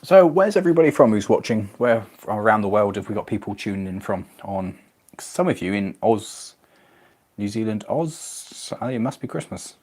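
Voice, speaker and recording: A chatty man from England with a slightly low voice hosts a relaxed live stream. He reads viewer comments aloud between bits of building and pokes fun at himself along the way. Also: moderate pace. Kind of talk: casual live-stream chat while model building.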